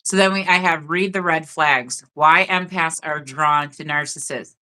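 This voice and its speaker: A woman's voice: deep voice, measured pace, sharp tone. A woman hosting a live stream, reading notes aloud in a chatty way and often checking in with "okay?". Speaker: host of a live spiritual stream.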